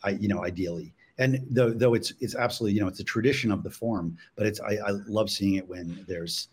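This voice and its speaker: A man's voice: lowish voice, slightly rough. A man, a guest cartoonist, chatting casually on a panel, often stopping and restarting his sentences. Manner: halting, full of restarts.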